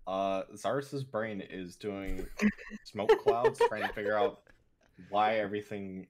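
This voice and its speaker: A man's voice: lowish voice, measured pace, over a noisy crowd. Hesitant man running a tabletop game. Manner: hesitant, many fillers. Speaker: game master.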